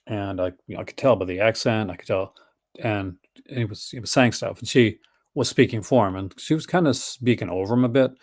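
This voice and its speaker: Speaking a little fast in a voice on the low side, this Newfoundland host with a blended Canadian and Newfoundland accent chats casually on a livestream. He tells stories full of laughter, retelling them with voices.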